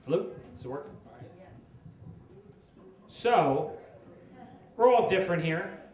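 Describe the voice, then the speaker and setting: A man's voice: sits high, lively intonation. Wry middle-aged man telling stories live. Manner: wry, with dramatic pauses. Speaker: storyteller at a story slam. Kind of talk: live comic storytelling. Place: stage at a live storytelling event. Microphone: stage microphone. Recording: echoey live room with faint noise.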